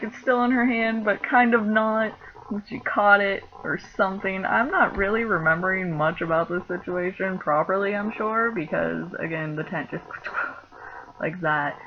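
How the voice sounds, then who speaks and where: A young woman telling a story in a casual vlog, chatty and laughing, with lots of filler words. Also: a little high. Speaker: vlogger. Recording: dull lo-fi sound with faint noise.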